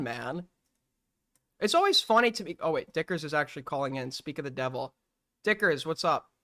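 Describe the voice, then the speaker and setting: Taking calls on his livestream, a male streamer delivers casual commentary bluntly and profanely, firing off one rhetorical question after another. He sounds very animated and brisk, with a voice on the high side and a sharp tone.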